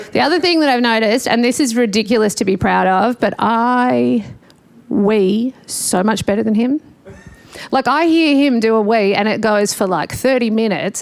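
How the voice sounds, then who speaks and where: A woman's voice: a little high, vocal fry. A woman doing a stand-up comedy set, chatty and self-mocking, often laughing at her own jokes. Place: livestreamed gig.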